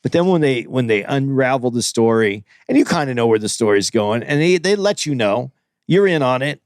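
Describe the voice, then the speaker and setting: A man's voice: mid-range voice, expressive, brisk, no echo. Easygoing man reviewing a movie. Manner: easygoing, enthusiastic, with restarts. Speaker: podcast host. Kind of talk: casual chat, movie review.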